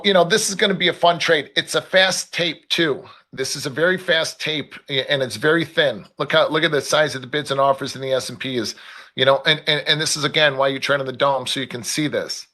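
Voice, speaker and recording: Bright-voiced Chicago man calling markets. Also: medium pitch, a little fast. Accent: Chicago South Side. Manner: loose, repeats price levels aloud, blunt salty asides. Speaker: trading stream host. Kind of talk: live market commentary.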